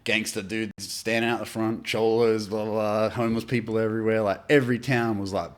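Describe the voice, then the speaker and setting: A man's voice: lowish voice, flat delivery, a little fast. An Australian man from Adelaide, a podcast guest telling a long story in a loose, rambling way, full of swearing and filler words. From Adelaide, South Australia. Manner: rambling, heavy swearing, lots of "like" and "dude". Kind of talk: casual storytelling chat.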